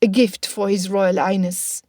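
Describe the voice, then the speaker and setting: Woman doing a playful clever young lady, lifted pitch, storybook, dry sound. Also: steady tone, measured pace, warm tone, no room sound, lightly acted. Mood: theatrical.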